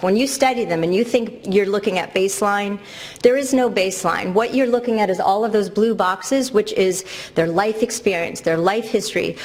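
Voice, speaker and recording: A woman with a slightly low voice delivers an academic lecture. She talks in a thoughtful, explanatory way, often pausing to restart or rephrase mid-sentence. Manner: thoughtful, with frequent restarts and self-corrections.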